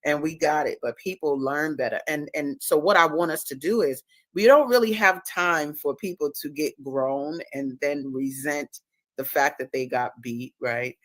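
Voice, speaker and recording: Low-pitched woman hosting a live stream, preachy and emphatic, dry close sound. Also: normal speed, no room sound. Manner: emphatic, preachy, repeats words for stress. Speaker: host and author. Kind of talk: casual livestream talk.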